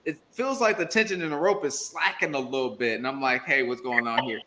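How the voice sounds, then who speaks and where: A man's voice: medium pitch, a little fast, noisy background. A man from Arkansas, raised in Indiana, hosting a livestream and telling a story in casual chat, acting out the quotes. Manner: animated storyteller, acts out quotes. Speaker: livestream host.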